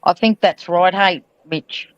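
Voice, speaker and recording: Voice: medium pitch, slow, clear, resonant tone, dry recording, dull audio. A panel host describing a video in casual, indignant commentary. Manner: indignant, conversational.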